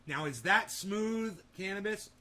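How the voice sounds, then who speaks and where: A man's voice: sits high, lively intonation, unhurried, pushed and bright. A man hosting a livestream, chatting in a rambling, laid-back way and swearing casually. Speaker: livestream host.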